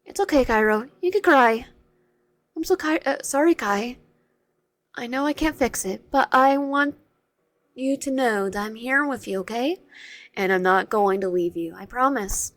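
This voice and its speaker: A woman voicing a kind player character in a visual novel, speaking gently and reassuringly. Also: a little high, measured pace, no echo, pitched above the performer's own voice, close to an everyday voice. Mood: comforting.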